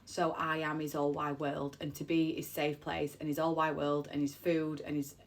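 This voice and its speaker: A woman's voice: deep voice, flat delivery, normal speed. A woman, an emotional mother of three telling a personal story, close to tears and repeating herself. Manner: heartfelt, rambling, repeats phrases. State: on the verge of tears.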